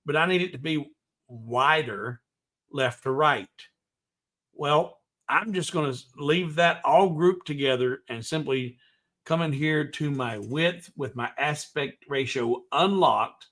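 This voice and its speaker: Folksy higher-pitched man hosting a livestream. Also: sharp tone. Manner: folksy and loose, hums to himself while working; reads viewer comments aloud and answers them. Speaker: woodworking livestream host. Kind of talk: casual live tutorial chat.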